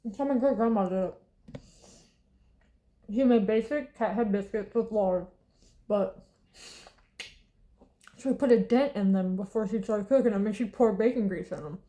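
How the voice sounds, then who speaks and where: A woman's voice: medium pitch, moderate pace, pauses often, dark tone. A woman of twenty-one, chatting casually and bluntly, swearing freely and breaking into laughs and sighs. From Southern United States. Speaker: vlogger. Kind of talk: casual chat while eating.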